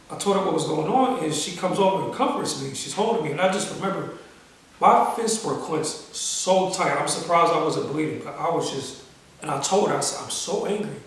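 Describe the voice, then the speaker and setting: A young man telling a personal story in a casual vlog, speaking slowly and emotionally with many pauses, restarts and casual slang. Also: on the high side. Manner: casual slang-filled speech. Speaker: vlogger. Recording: roomy echo, voice from a distance.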